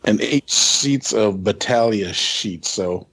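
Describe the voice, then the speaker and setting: A man's voice: lowish voice, slow, fairly bright tone. A man co-hosting a podcast in casual chat, restarting sentences as he reminisces. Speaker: podcast co-host.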